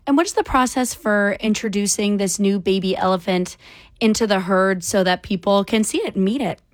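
A woman hosting a radio show, introducing segments and interviewing a guest in a bright, conversational way. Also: medium pitch, moderate pace, no room sound. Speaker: radio host.

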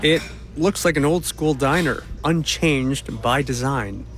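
A male reporter narrating a news feature in a measured, conversational way. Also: a little high, a bit bright.

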